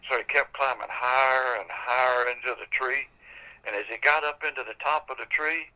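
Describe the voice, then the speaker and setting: A man's voice: medium pitch, steady tone, normal speed, bright, forceful tone, poor audio. An older man telling a folk tale on a podcast in a folksy, casual way. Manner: folksy, casual, drawling storytelling. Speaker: storyteller.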